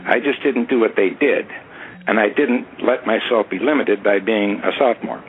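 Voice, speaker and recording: A man's voice: lowish voice, normal speed. Emphatic coaching man on a tinny line. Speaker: panel guest, success speaker. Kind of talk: motivational advice in panel discussion. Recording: tinny phone-like sound with faint hiss.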